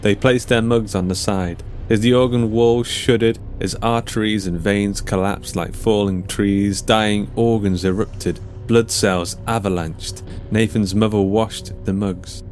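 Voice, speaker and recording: A man reading his own story in a calm, measured narration. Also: fairly low pitch. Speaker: writer and narrator. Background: faint music.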